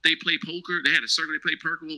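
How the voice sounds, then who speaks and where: Fast, forceful man telling stories. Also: fairly high pitch, poor audio. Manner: animated, slangy, acts out quoted dialogue. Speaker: guest, former Marine now cloud engineer. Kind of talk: casual storytelling interview.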